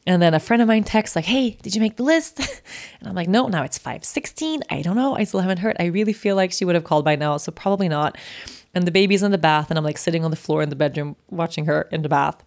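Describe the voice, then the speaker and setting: Gravelly-voiced woman telling a personal story. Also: lowish voice, fast talker, darkish tone. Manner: candid, chatty, full of fillers. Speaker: podcast host.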